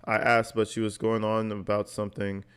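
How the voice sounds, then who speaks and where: A man's voice: on the low side, completely flat delivery, moderate pace, a bit bright, smooth. A man vlogging commentary, reading text messages aloud and reacting bluntly and sarcastically, swearing freely.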